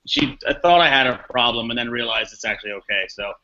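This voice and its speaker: A man's voice: mid-range voice, fast talker, vocal fry, pushed and bright. A man guest rambling on in a self-deprecating, casual way. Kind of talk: casual chat. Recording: dull lo-fi audio.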